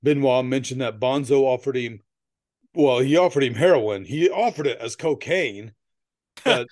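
A man's voice: mid-range voice, normal speed, a little mellow. A man co-hosting a podcast in casual chat, telling stories in a rambling way, laughing often and swearing casually. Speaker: podcast co-host.

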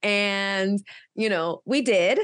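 A woman in her forties, a guest telling a personal story in an animated, emphatic way. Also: extremely slow, smooth, no room sound, clean studio sound. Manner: animated, emphatic, jumps high when quoting herself.

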